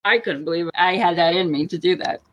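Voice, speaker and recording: A woman's voice: fairly low pitch, fairly quick, low-quality recording. A woman co-hosting a podcast in casual chat, telling a story with lots of laughter and acted-out quotes. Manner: animated storyteller, laughing often, acts out quotes. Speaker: podcast co-host.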